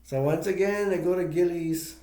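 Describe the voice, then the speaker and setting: Guy rambling thru a movie plot, kinda flat mellow voice, lots of uh and um. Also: high voice, moderate pace, roomy sound. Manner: rambling, with many fillers and restarts. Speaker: movie reviewer. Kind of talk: casual plot retelling.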